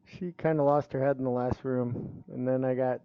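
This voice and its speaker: A man's voice: medium pitch, steady tone, normal speed, clear, resonant tone, no room sound, lo-fi sound. A man playing his character in a tabletop game, speaking casually and offhand. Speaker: player.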